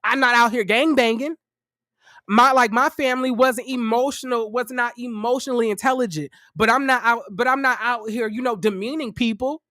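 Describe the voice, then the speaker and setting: A man giving casual reaction commentary on a reality show, profane and animated, with sassy, theatrical exclamations and dramatic asides. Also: very high-pitched, moderate pace, no room sound, clean studio sound.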